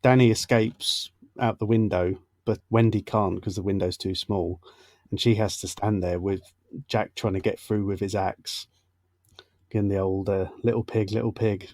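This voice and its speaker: Male co-host, low voice, easygoing film recap, dry. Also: normal speed, dry recording. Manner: relaxed, recaps plot with soft laughs. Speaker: podcast co-host. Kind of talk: casual film discussion.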